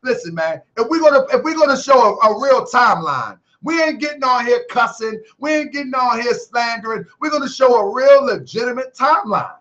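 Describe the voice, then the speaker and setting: A man's voice: very high-pitched, sing-song, a little fast, few pauses, bright, forceful tone, highs cut off. A man hosting a live online talk show, chatting casually with slang and frequent laughter. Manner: playful, laughs often, street slang.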